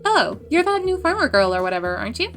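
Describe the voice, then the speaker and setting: A woman's voice: fairly high pitch, big pitch swings, fast talker, a bit bright, soft background music, pitched above the performer's own voice. A woman voicing a snooty young village woman who talks down to people, in a farming video game. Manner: condescending, dismissive.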